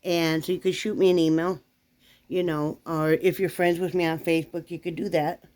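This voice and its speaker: A woman's voice: lowish voice, level tone, moderate pace, darkish tone. A middle-aged woman chatting casually to camera in a rambling, homey way, often breaking off to coo at her dog. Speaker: vlogger.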